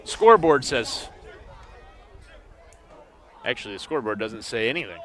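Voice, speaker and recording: A man's voice: medium pitch, animated, moderate pace, fairly bright tone, a faint crowd, a little hiss or hum. A man calling a semi-pro football game play by play, with dry, wry asides about confused officiating. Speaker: play-by-play commentator. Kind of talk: sports commentary.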